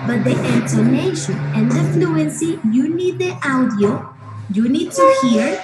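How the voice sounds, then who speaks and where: A woman teaches a class in a bright, high voice. She explains patiently and repeats key words. The room around her is echoey. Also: expressive, loud music behind the voice. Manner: slow, patient, repeats and stresses words, checks with "okay?". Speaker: English teacher. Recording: roomy classroom echo.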